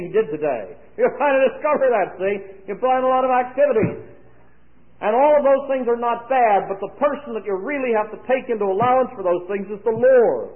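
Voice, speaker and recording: A man preaching a sermon to young people at a conference, with dry humorous asides. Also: very high-pitched. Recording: tinny lo-fi, phone-like sound.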